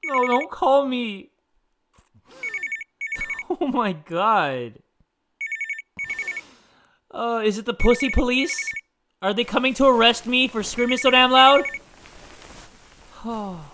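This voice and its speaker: A man's voice: very high-pitched, expressive, slow, pauses often, background noise. A man giving jumpy, joking commentary while playing a horror game, swearing and yelping at the scares and talking to his viewers. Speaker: gaming YouTuber.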